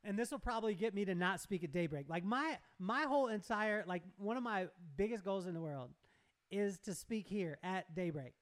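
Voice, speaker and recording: A man's voice: high voice, normal speed. A man telling a story with animation in a casual chat, acting out dialogue and laughing often. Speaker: guest speaker.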